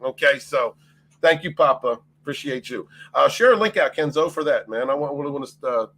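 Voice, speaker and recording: A man's voice: mid-range voice, lively intonation, brisk, fairly bright tone. A man hosting a casual livestream, greeting his chat by name, laughing often and swearing freely. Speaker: livestream host.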